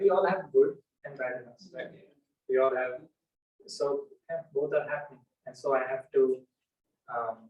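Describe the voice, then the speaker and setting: Guy giving a talk to a small group, kinda high voice, acts stuff out, echoey room, mic far off. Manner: animated storyteller, acts out examples. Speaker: speaker leading a spiritual talk. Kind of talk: informal lecture with audience questions.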